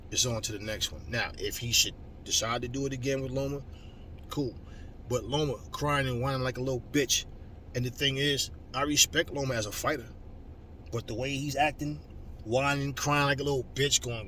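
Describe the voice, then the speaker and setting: A man hosting a boxing channel, ranting at viewers, loud and mocking, swearing constantly. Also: medium pitch. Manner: loud, mocking, heavy cursing. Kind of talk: profane rant to viewers. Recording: slightly distant mic with faint background noise.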